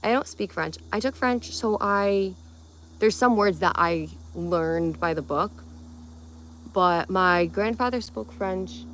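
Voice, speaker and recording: A woman's voice: medium pitch, slow pace, a bit bright, a little hiss or hum. A young woman from Connecticut hosting a casual livestream, chatting playfully and answering comments one by one. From Connecticut, USA. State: tired. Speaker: livestream host.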